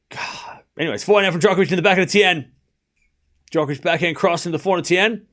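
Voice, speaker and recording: A man hosting a live tennis watchalong stream, calling points quickly, chatting with viewers and groaning out loud when things go wrong. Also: a little high. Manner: excitable, groans and cries out at points. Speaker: stream host.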